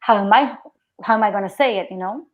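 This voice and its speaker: Young actress, Mexican accent, native Spanish speaker, animated storyteller, mid pitch. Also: female voice, quick pace, highs cut off. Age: young adult. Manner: lively storytelling, quoting others, laughing often. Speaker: actress, guest. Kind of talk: casual interview chat.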